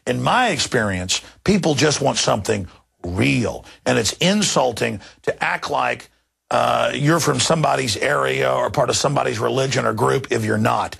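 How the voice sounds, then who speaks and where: A man's voice: medium pitch, creaky, fairly bright tone, breathy edge. A man in his thirties hosting a news commentary show, ranting indignantly and mocking what he reports. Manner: indignant, mocking, shifts into exaggerated impressions. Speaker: talk radio host.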